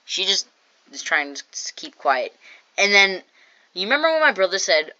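A woman's voice: medium pitch, very animated, moderate pace, sharp tone, no echo, muffled recording. A woman casually telling a storytime vlog, chatty and jokey, acting out what people said. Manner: chatty, jokey asides, acts out quoted lines. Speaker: storytime vlogger.

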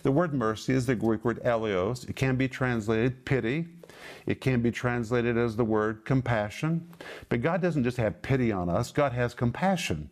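A man's voice: medium pitch, moderate pace. A man, a television Bible teacher, who preaches emphatically and stretches out key words as he explains Greek terms. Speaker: pastor.

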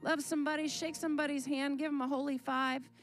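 Brief: high-pitched woman leading church worship, fervent and rallying, soft music underneath. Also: flat delivery, fast talker. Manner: fervent, leads the congregation in laughter. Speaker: worship leader. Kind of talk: church exhortation. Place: church sanctuary.

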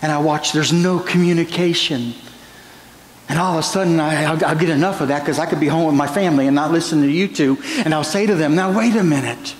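Male pastor, earnest preacher, slightly high voice, church hall reverb. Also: quick pace. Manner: earnest preaching with prayer and counseling stories. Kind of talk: sermon. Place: church sanctuary. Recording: church hall reverb, faint room noise.

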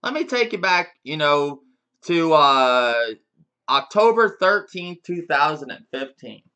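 A man's voice: a little high, sing-song, a little slow, pushed and bright. A man giving a casual, profane rant to his viewers as a gaming YouTuber, with frequent chuckles and restarts.

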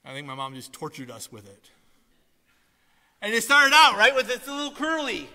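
A male pastor preaching an animated sermon, telling stories and breaking into loud, emphatic calls to his congregation. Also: very high voice, normal speed, long reverb tail. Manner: animated storytelling with sudden loud emphatic exhortations. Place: church sanctuary.

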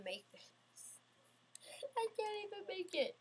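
A woman's voice: fairly high pitch, animated, measured pace, pauses often, breathy edge. A woman giving casual, self-mocking gameplay commentary, getting frustrated and talking back at the game. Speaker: gamer playing an obstacle course game.

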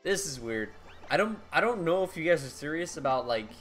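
A man's voice: a little high, lively intonation, a little fast, a bit bright, soft background music. A man from the United States chatting casually on a live game stream, answering his viewers' messages in an easygoing way. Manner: chatty, answers viewer chat with easy laughs.

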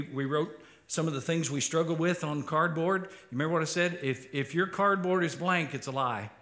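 A male pastor with an Arkansas twang, preaching a conversational sermon and often repeating words as he starts a phrase. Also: pushed and bright. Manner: rises in pitch and volume for emphasis.

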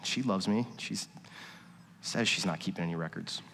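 A middle-aged man, a worship pastor, preaching a sermon and telling personal stories, dropping to quiet confession and rising to emphatic points. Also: deep voice, normal speed, vocal fry, slight background noise. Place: church sanctuary. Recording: long reverb of a church hall.

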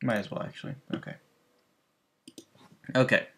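A man with a sharp tone talks at normal speed as he runs a gaming channel. He tells casual, rambling stories while playing, often restarting and speaking directly to viewers in asides.

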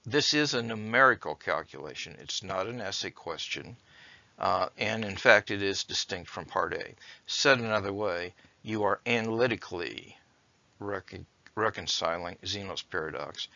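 A man teaching a recorded lesson, explaining assignments in a measured way with occasional hesitations. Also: low-pitched, vocal fry, bright, forceful tone, no room sound, muffled recording. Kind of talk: recorded lecture with read-aloud story.

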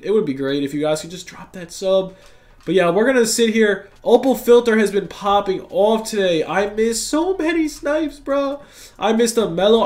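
A young man with a cold, talking fast and casually over his gameplay and saying "bro" a lot. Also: on the high side. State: has a cold, sounds tired. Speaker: gaming YouTuber.

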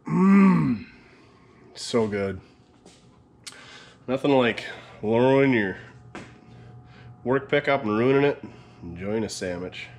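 A man's voice: mid-range voice, slow pace, long pauses. A man hosting a truck build video, chatting casually and joking with viewers as he works. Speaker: mechanic and video host.

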